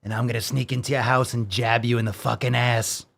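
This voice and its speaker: A man doing a mocking impression of a smug, self-important male official, speaking slowly and with mock authority. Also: mid-range voice, flat delivery, gravelly, fairly bright tone. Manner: slow, drawn-out, mock-authoritative.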